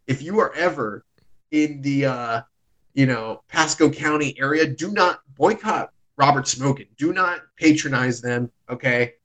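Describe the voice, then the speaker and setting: A man's voice: medium pitch, a little slow, a bit bright, low-quality recording. A man, hosting a podcast and casually telling a long, rambling story with plenty of swearing. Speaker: podcast host.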